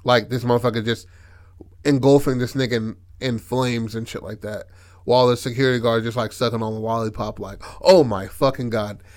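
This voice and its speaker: A man on a podcast acts out a movie scene in loose, profane detail as he narrates it. His voice sits at an ordinary middle pitch. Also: level tone, fairly quick. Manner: profane, vivid scene-telling. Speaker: podcast co-host.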